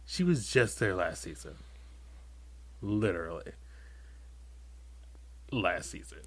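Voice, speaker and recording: A man co-hosting a casual podcast, chatty and easily excited. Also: low voice, slow, slightly rough. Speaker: podcast co-host. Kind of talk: casual chat.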